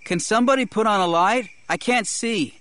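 A man reading an audiobook voices a frightened teenage boy calling anxiously out of the dark. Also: high voice, moderate pace, a little hiss or hum, pitched above the performer's own voice. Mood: pleading. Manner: anxious, pleading calls.

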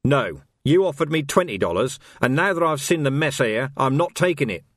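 Gruff, blunt male copper, firm and direct, read by a male narrator, lively pitch, dry storybook sound. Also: moderate pace, dry recording. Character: hardened gruff male police sergeant.

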